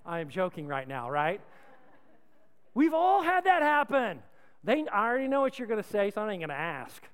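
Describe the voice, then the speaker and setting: A male pastor preaching a sermon, calling on the crowd to repeat lines back, swinging between loud and hushed. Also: high-pitched, very animated, moderate pace, clear, resonant tone. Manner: call-and-response preaching, asks crowd to repeat. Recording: long hall reverb.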